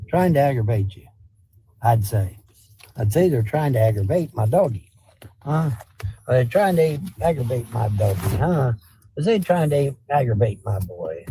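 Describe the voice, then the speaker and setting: A man's voice: medium pitch, very animated, moderate pace, dark tone, slight background noise. A man chatting casually on a live stream, rambling and talking to his dog between comments. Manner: rambling, talks baby talk to his dog. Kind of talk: casual livestream chat. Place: home with a dog.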